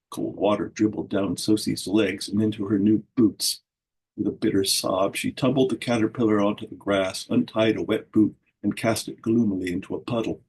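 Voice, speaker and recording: A man reads a fairy tale aloud in a low, gravelly voice. His tone is deeply husky, and he shifts expressively into the characters' voices. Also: steady tone, moderate pace, poor audio. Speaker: reader at a book launch. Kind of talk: storybook reading.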